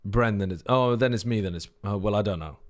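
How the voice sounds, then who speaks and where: A man with an English accent co-hosting a watch party, joking and swearing in quick casual banter. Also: fairly low pitch. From Britain. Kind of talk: casual chat.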